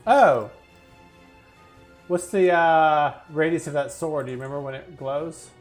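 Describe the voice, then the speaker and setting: This is a game master narrating a tabletop fantasy session over a stream. The telling is lively and often breaks into laughter mid-description. Faint music plays in the background. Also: medium pitch, measured pace. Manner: laughs through vivid descriptions. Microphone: headset or desk mic in an online stream.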